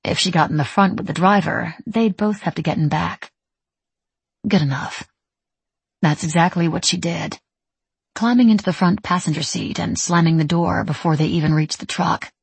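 A woman narrating an audiobook in a steady, even storytelling manner. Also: lowish voice, normal speed, gravelly, slightly rough, dry recording. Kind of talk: scripted narration.

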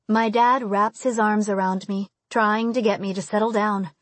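A woman reading a first-person audiobook, measured in her narration and emotional in the dialogue, on a close studio mic. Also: medium pitch, steady tone, a bit bright, no echo.

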